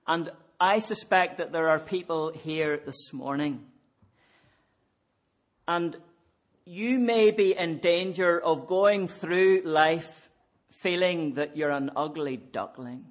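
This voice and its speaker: A man preaching a sermon in a measured, earnest way, leaning on repeated refrains. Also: a little high.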